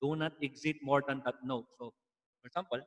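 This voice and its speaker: A man's voice: mid-range voice, fairly even intonation, fairly quick, long reverb tail. A man with a Filipino accent teaching an online music lesson, explaining patiently and slipping in Tagalog asides.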